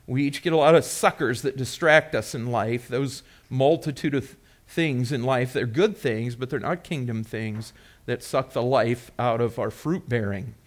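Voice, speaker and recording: A man's voice: mid-range voice, normal speed. A man preaching a sermon as pastor, earnestly reviewing points and then emphatically teaching a word, repeating key terms.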